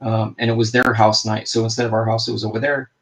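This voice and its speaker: A man's voice: fairly low pitch, level tone, fast talker, low-quality recording. A man co-hosting a casual stream, telling rambling anecdotes full of fillers and restarts. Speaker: podcast co-host. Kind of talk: casual chat, storytelling.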